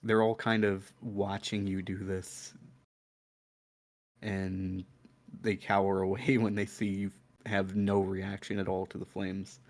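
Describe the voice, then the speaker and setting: A man running a tabletop game as game master, with casual, halting narration. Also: low-pitched, level tone, a little mellow, dry recording.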